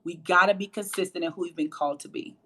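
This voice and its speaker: A low-voiced woman hosts a faith-based motivational livestream, preaching emphatically and repeating phrases to drive points home. She talks fast, and her delivery sounds pushed and bright.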